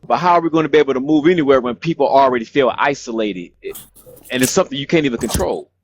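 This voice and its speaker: A man's voice: medium pitch, animated, fast. A man in a casual group discussion, speaking earnestly and pleadingly. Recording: dull lo-fi audio with faint hiss.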